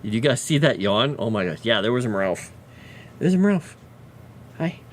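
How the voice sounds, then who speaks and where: A man's voice: fairly low pitch, animated, a little fast, slight background noise. A man chatting casually on a livestream, talking fondly to his pet and his viewers. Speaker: livestreamer and fantasy lore writer.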